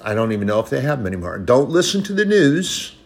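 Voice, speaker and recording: A man's voice: medium pitch, very animated, fast, creaky. A man preaching a sermon, quoting scripture in an old-style cadence and building to emphatic, rising passages.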